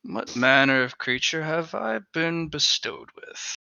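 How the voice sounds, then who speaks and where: A sinister sentient mask, as a man puts on for a tabletop game, speaks slow and drawn-out with a bright, gravelly edge. Its menacing voice swoops up and down, and the recording is dull and lo-fi. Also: a little high, expressive, no echo, full character voice. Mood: amused menace. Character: sly sinister sentient mask hungry for monsters.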